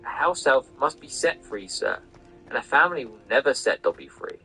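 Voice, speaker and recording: A man voicing a small, earnest male house elf who is servile and self-punishing, speaking in a high, pleading voice while he reads a novel aloud. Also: big pitch swings, normal speed, pushed and bright, husky, faint music behind, exaggerated voice, rough recording. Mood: anguished. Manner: high-pitched, pleading, says sir constantly. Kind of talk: reading a novel aloud over gameplay.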